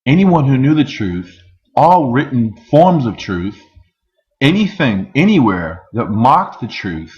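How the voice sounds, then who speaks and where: A man's voice: fairly low pitch, darkish tone. Pissed-off guy ranting and cussing, lots of rhetorical questions, kinda dull lo-fi sound. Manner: angry, swearing, rhetorical questions. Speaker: vlogger. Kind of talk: angry profane rant.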